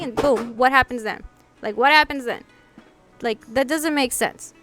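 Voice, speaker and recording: High-voiced young woman telling a story. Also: measured pace, faint music behind. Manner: animated, acts out quotes, many "like"s and restarts. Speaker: vlogger. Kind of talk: storytime chat.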